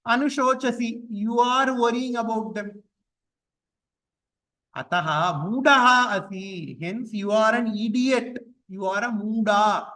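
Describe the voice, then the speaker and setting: A man with a high, sharp voice teaches a class on scripture verses, heard through a low-quality recording. He patiently explains each point with repetition and chants the verses slowly.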